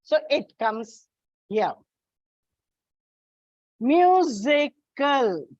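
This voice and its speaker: Woman English tutor, high voice, dry dull recording, slow and deliberate drilling. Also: very animated, darkish tone, no echo. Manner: slow, deliberate, spells out word endings and repeats words. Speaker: English teacher. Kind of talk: classroom lesson on word stress.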